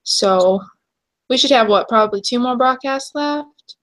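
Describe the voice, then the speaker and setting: Young woman co-host, higher-pitched, chatty and easygoing. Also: unhurried, fairly bright tone. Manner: chatty, laughs easily, trails off and restarts. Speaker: podcast co-host. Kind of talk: casual chat.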